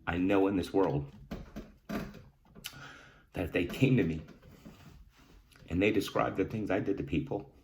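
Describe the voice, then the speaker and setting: A vlogger sharing his own experience, this man gives earnest, emotional advice directly to the camera. His low voice is emphatic and repetitive; he keeps asking "right?", repeats key phrases, and clears his throat between halting restarts. Background noise is audible.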